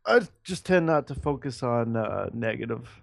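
A man's voice: mid-range voice, lively intonation, normal speed, vocal fry, no room sound, studio quality. A man co-hosting a casual podcast, laid-back and joking, with crude quips. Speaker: podcast co-host. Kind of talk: casual chat.

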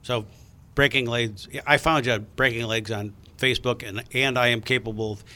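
A man's voice: medium pitch, steady tone, moderate pace, bright, forceful tone. A man hosting a casual talk show, chatty and rambling, with lots of fillers. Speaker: podcast host.

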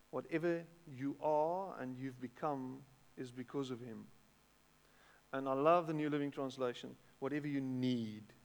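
A middle-aged man with a South African accent, preaching a sermon in a conversational way, repeating words and breaking into animated bursts. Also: mid-range voice. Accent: South African English. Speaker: pastor. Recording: long hall reverb.

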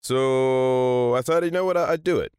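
A man in his thirties, a voice actor, telling stories in a casual chat, animated and laughing often. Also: medium pitch, moderate pace, smooth, dry recording, clean studio sound. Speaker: voice actor guest.

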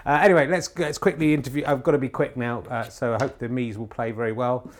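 A man hosting a podcast, doing mock snooker commentary at home in a deadpan ironic way, rambling with many filler pauses. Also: medium pitch. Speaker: podcast host. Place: home TV room.

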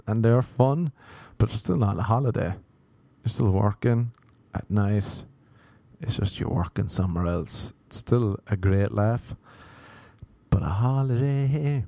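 A man's voice: lowish voice, mellow, no room sound. A young man, a comedian, rambling through crude, self-mocking stories in a casual solo podcast monologue.

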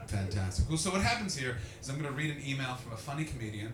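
A young man doing stand-up as a comedian and podcast host, brash and profane, working the crowd with sudden shouted bursts. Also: medium pitch, sing-song, rapid-fire, hardly any pauses. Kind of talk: live stand-up crowd work. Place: live comedy venue with an audience. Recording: roomy, distant live recording with noise.

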